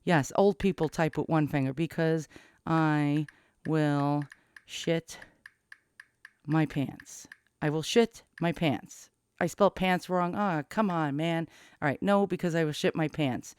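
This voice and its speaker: A middle-aged man rambling anxiously to camera in a casual confessional vlog, cursing often and cracking dark jokes. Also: fairly high pitch, moderate pace, clear, resonant tone, no room sound. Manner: rambling, profane, darkly joking. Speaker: vlogger.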